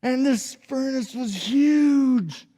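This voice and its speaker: A Sunday school teacher telling a Bible story to children in a playful, animated way. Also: male voice, very high-pitched, extremely slow. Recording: echoey hall.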